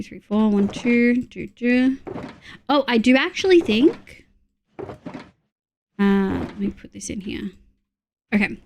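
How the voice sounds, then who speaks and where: Woman streamer from Australia, fairly high voice, unhurried, counting aloud, light background hiss. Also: darkish tone. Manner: counts items aloud under her breath, chatty asides. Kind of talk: casual gameplay chat with chat readers.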